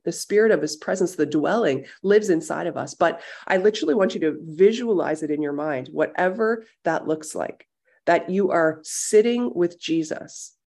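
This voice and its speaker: A woman teaching a Bible study who speaks in a gentle, reflective way and guides listeners through a quiet prayer over a video call. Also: on the low side. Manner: gentle, reflective, unhurried guiding. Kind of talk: devotional teaching, guided meditation.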